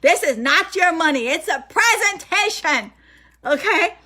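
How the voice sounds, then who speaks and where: High bright excited woman presenter. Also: measured pace. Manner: excited, emphatic, repeats points to the audience. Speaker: financial presenter. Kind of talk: energetic sales presentation.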